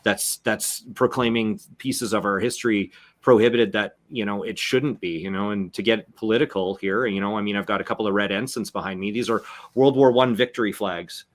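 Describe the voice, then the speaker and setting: A man's voice: fairly low pitch, a little fast, hardly any pauses. A man from Canada hosting a casual podcast discussion, talking earnestly with frequent restarts and repeated words.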